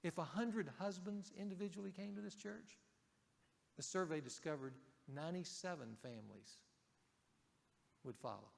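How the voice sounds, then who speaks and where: A male pastor preaching a sermon in a conversational way, raising his voice for emphasis and dropping it softly for key points. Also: high-pitched, moderate pace, vocal fry, pauses often, in a large hall.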